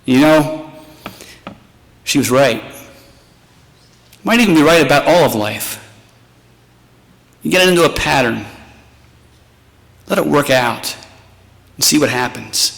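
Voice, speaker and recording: A man's voice: medium pitch, lively intonation, takes it slowly, vocal fry, pauses often, a bit bright. A middle-aged man, a pastor, giving a retirement party speech with self-mocking stories and tender thanks. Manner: storytelling, self-mocking humor turning tender. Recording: reverberant hall.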